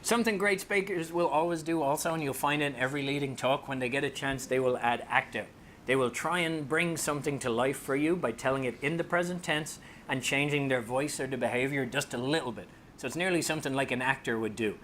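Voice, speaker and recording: A man's voice: mid-range voice, brisk, slight background noise. Joking Irish man giving a talk. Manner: animated and joking, slips into voices for quotes. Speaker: speaker and author. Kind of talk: comedic presentation to an audience. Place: company talk room with a live audience.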